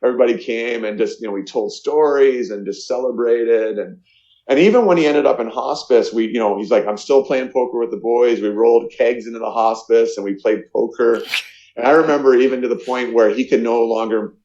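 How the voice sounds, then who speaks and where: A middle-aged man from Canada telling a personal story in an interview, earnest and halting, with many fillers and restarts. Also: mid-range voice, darkish tone. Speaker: guest, charity founder. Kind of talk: emotional storytelling in a podcast interview. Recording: echoey, muffled lo-fi sound.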